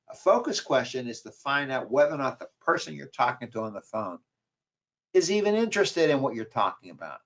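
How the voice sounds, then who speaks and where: A man's voice: mid-range voice, very animated, brisk, a bit bright. Man, marketing professor, New York accent, emphatic, repeats key points, webinar lecture. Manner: repetitive, emphatic coaching delivery.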